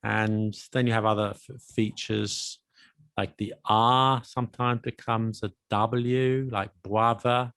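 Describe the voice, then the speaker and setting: A man's voice: fairly low pitch, flat delivery, takes it slowly, a bit bright, clean tone, no room sound, clean studio sound. A man co-hosting a podcast, explaining things with patient examples in casual chat. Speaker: podcast co-host. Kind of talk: casual chat about accents.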